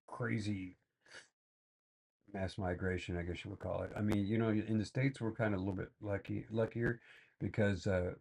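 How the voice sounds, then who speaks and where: A man's voice: on the low side, gravelly, a little mellow, breathy edge. A man giving rambling, exasperated reaction commentary full of fillers and restarts. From Texas. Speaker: reaction video host. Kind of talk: casual ranting commentary.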